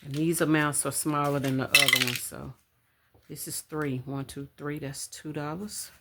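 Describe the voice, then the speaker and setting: A woman chatting casually to her viewers at home, calling them y'all and counting out loud as she goes. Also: deep voice, steady tone, moderate pace, heavy background noise. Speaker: budgeting vlogger. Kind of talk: casual chat to camera. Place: home room. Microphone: camera on a stand.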